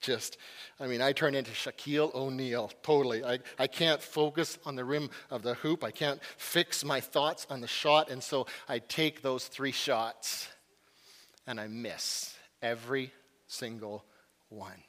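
A man telling a personal story in a sermon, animated and lively, sometimes dropping to a hushed voice. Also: medium pitch, unhurried. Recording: long hall reverb.

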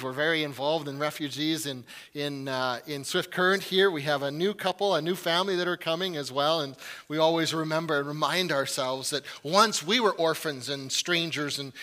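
Male pastor, high bright voice, chatty and self-deprecating, humorous sermon delivery. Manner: chatty, self-deprecating storytelling with many "right?" asides.

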